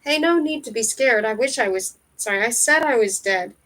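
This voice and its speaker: A woman reading aloud, voicing a huge skeletal male ferryman who speaks in hushed, hissing, evasive tones. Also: on the high side, animated, normal speed.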